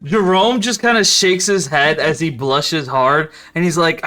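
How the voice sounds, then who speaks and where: A woman's voice: sits low, measured pace, hardly any pauses, a bit bright, faint music behind. A woman narrating as game master, rambling with many fillers and laughing as she goes.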